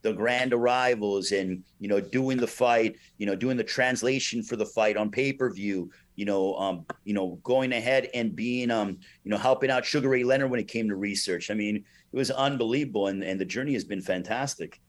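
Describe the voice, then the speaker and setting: A middle-aged man, a ring announcer, telling a story in an interview with lively delivery and frequent "you know" fillers, acting out the voices he quotes. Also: fairly low pitch, normal speed, hardly any pauses.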